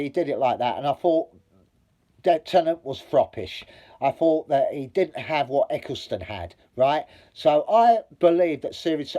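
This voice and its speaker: A man's voice: fairly high pitch, warm tone, lo-fi sound. A man giving a blunt, rambling review monologue as a vlogger. He swears freely and grows heated as he goes.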